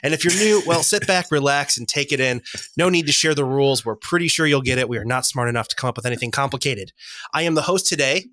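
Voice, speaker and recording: Man, comedy podcast host, bright tone, dry close sound, jokey and quick with plugs. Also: medium pitch, no room sound. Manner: jokey, reads promos quickly, laughs often.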